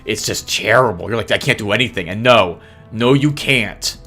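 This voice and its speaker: A man's voice: lowish voice, moderate pace, bright, forceful tone, faint music behind. A man giving chatty gameplay commentary as host, laughing often and sounding sheepishly apologetic. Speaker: let's play host.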